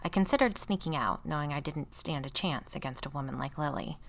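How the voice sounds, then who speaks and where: A woman reading a first-person story aloud in a wry, expressive way, casually profane. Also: sits low, a little fast, gravelly. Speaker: audiobook narrator.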